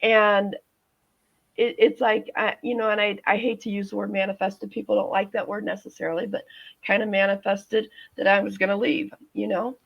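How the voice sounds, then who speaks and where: Gravelly, husky-voiced woman in her fifties. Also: mid-range voice, flat delivery. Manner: halting, many restarts and fillers. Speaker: guest, nurse. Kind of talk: personal storytelling in interview. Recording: dull lo-fi audio.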